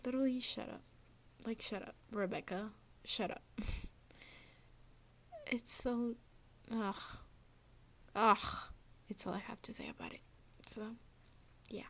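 Young woman ranting on her podcast, keeps dropping to a whisper, says like a lot, slow talker. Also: a little high, vocal fry. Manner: often drops to a whisper, lots of "like". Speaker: podcast host. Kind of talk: casual solo rant.

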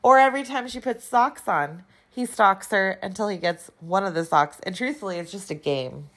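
A woman's voice: mid-range voice, normal speed, a bit bright. A woman hosting a casual chat, rambling and profane.

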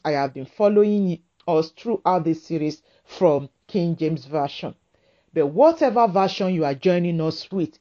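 A woman preaching a sermon to women, with a slow, emphatic, repetitive cadence. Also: lowish voice, warm tone, highs cut off.

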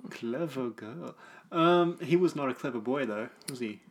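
A man's voice: medium pitch, lively intonation, normal speed. A man co-hosting a podcast in casual chat, joking and playfully teasing. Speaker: podcast co-host.

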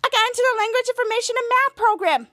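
A woman voicing an eager teenage girl who squeals with excitement. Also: extremely high pitch, fast talker, no room sound, pitched above the performer's own voice. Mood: thrilled.

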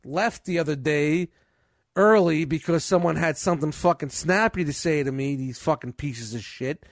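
A man's voice: on the high side, moderate pace, dry recording, clean studio sound. A man in casual chat, venting about his retail job with constant swearing.

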